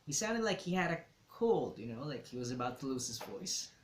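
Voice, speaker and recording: A man's voice: medium pitch, big pitch swings, a little fast, a little hiss or hum. A man reading a novel aloud, telling the story in a reflective first-person way. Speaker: reader. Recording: roomy echo.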